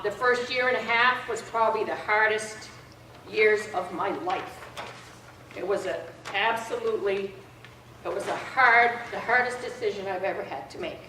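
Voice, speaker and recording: A woman's voice: mid-range voice, sharp tone, a little hiss or hum. A woman speaking at a public meeting, telling an emotional personal story about her mother. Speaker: public commenter. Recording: echoey hall, mic far off.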